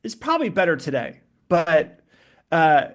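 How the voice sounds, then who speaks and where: A middle-aged man with a fairly high voice tells his own life story as a podcast guest. He talks fast and with energy, breaking off his sentences and packing them with fillers. It sounds like candid, unscripted conversation. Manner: fast, animated, self-interrupting with many fillers.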